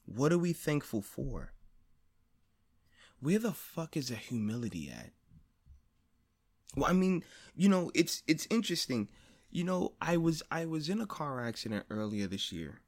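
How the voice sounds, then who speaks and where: A man hosting a podcast, talking in a personal monologue, blunt and profane, repeating phrases for emphasis and rising louder and higher as he presses a point. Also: sing-song, moderate pace. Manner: grows louder and higher when stressing a point. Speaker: podcast host.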